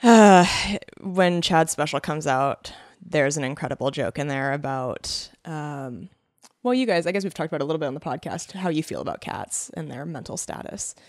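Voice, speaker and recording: Low-pitched woman co-host, casual and giggly, dry close sound. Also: lively intonation, normal speed, a little mellow, dry recording. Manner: giggly, chatty, laughs often. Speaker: podcast co-host. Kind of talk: casual chat.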